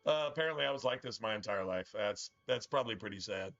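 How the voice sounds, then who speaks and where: Middle-aged man, game streamer, casual rambling chat, profane, bright forceful voice, a bit dull lo-fi audio. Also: lowish voice, expressive, fast talker, vocal fry. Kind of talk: casual live-stream chat while gaming.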